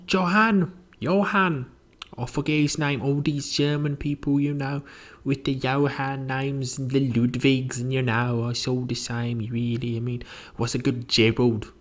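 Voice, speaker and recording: A prim old housekeeper woman chatters in a shrill, high falsetto with a British accent, gushing and flustered, as a man puts her on. The voice sits far above a normal speaking voice. She talks with fussy politeness. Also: close to an everyday voice. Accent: put-on British.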